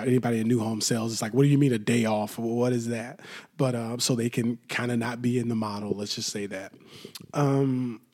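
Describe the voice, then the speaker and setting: A man's voice: mid-range voice, a little mellow. A man hosting a solo podcast, rambling through stories and acting out quoted lines. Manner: rambling, storytelling with acted-out quotes. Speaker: podcast host. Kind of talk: solo casual podcast talk.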